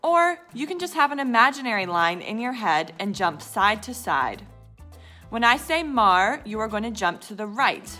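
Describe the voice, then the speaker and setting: A woman's voice: fairly high pitch, big pitch swings, moderate pace, bright, forceful tone, faint music behind. A woman leading children through a jumping game, upbeat and instructive. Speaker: children's activity leader. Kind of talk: leading a movement game for kids.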